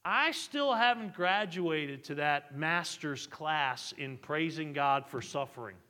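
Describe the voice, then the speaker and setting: A man's voice: fairly high pitch, animated, slow, pushed and bright, big-room sound. A male pastor preaching a sermon, reading scripture aloud and punctuating points with "amen.". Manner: emphatic preaching with frequent amens and scripture reading. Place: church sanctuary.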